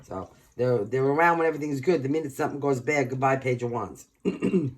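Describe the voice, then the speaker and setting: A man from Brooklyn with a New York accent, hoarse and losing his voice, giving a chatty, emphatic tarot reading and clearing his throat often. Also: mid-range voice, brisk, slight background noise. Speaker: tarot reader. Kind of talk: casual tarot reading to camera.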